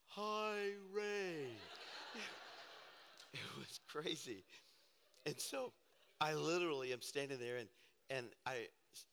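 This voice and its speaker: A man preaching a sermon, telling a personal story with animated, self-deprecating humor in a church auditorium. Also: mid-range voice. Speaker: pastor. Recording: hall reverb.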